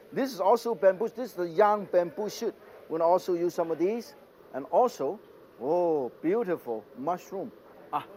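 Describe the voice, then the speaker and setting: An older man with a high, bright voice runs an enthusiastic cooking demonstration, exclaiming over each step in slightly non-native English. A faint hum of the kitchen or outdoors sits behind him. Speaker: celebrity chef and host.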